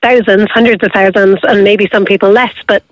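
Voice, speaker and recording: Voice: mid-range voice, steady tone, fairly quick. A guest on a radio discussion, explaining and correcting themselves as they go. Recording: dull lo-fi sound.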